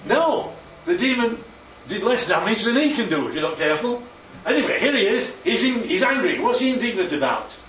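A man preaching a sermon, lively and constantly checking in with his listeners by asking "right?" and "yeah?". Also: high-pitched, fairly quick, hardly any pauses, slight background noise. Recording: echoey, distant, dull sound with faint ambience.

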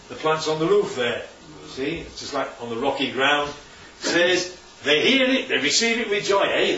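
A man preaches with a high, animated voice that keeps swinging up and down as he quizzes his listeners and throws in jokey asides. He sounds far off in a roomy church hall. The recording is dull, lo-fi, and has a faint hiss. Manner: asks the audience questions constantly. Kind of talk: interactive Bible teaching.

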